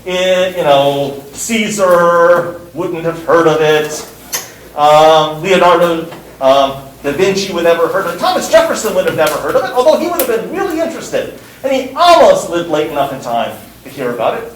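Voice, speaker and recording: A man's voice: on the high side, sing-song, normal speed, roomy sound, recorded from a distance, slight background noise, low-quality recording. A man teaching a university course, lecturing in an emphatic way and repeating words for stress. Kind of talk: classroom lecture.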